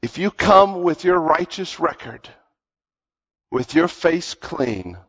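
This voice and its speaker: A man's voice: on the high side, expressive, slow, a bit bright, slightly rough. A man preaching a sermon, retelling Bible stories in an earnest, emphatic way and repeating words to stress his points. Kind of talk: sermon storytelling. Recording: long hall reverb, dull lo-fi sound.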